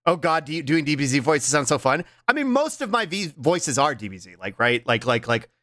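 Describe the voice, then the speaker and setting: A man chats on a live stream with his viewers in a bright, forceful voice whose pitch swings all over. He talks loosely, bursts into loud laughter and drops briefly into character voices. The sound is dry and close to the mic. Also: dry recording. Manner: animated, laughs loudly, slips into quick character voices. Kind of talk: casual live-stream chat.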